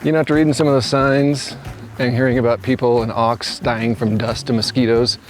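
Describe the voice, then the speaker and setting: A man co-hosting a travel show, joking and excitable as he hikes and climbs outdoors. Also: fairly quick, soft background music. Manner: joking, excitable, voice jumps high when climbing. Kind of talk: casual outdoor banter. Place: outdoors in a state park.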